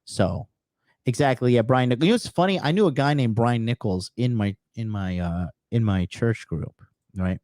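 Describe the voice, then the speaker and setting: A man's voice: mid-range voice, normal speed, darkish tone, no echo. A man telling brash, profane, boastful stories in a casual podcast conversation. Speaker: podcast guest.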